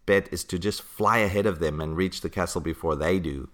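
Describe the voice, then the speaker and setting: Deep-voiced male podcast host, casual and chatty, laughs often. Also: a little fast, a bit bright. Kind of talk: casual chat about comics.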